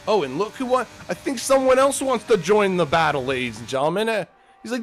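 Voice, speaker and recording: A man's voice: sits high, animated, normal speed. A man giving casual, joking live commentary on a sim race, swearing freely as he calls the action.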